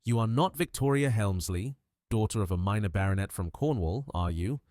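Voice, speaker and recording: Belgian detective played by a male narrator, shrewd, fussy, implacable, French asides, animated pitch, dry recording. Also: normal speed, no echo, close to an everyday voice. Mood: accusing. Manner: gentle but implacable, sprinkles French phrases. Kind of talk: audiobook character voice.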